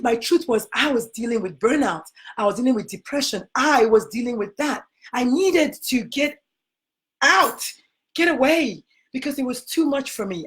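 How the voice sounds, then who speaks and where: A woman with a Nigerian accent, a physician hosting a motivational talk, who speaks emphatically and repeats her key phrases. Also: high-pitched. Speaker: physician host.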